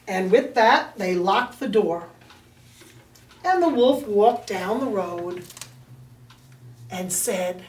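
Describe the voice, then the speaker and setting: A woman telling a fairy tale to children in an animated, expressive way, recorded in a roomy space from a distant mic. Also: medium pitch, slow, long pauses. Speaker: storyteller. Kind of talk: children's storytelling.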